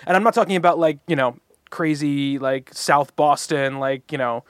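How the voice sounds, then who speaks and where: A man's voice: fairly high pitch, clean tone, dry recording. Chatty young man, dry close sound. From Long Island, New York. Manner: chatty, quick restarts, laughs often. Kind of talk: casual chat.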